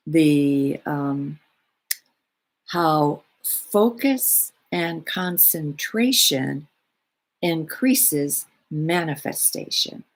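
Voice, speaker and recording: A woman who works as a spiritual healer, giving her weekly talk in an unhurried, rambling way with many fillers. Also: low voice.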